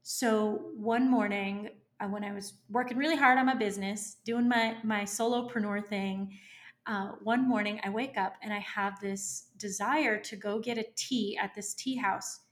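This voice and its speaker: A woman entrepreneur, a guest in an interview, telling a story in a lively, animated way and acting out her own inner voice. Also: medium pitch, moderate pace.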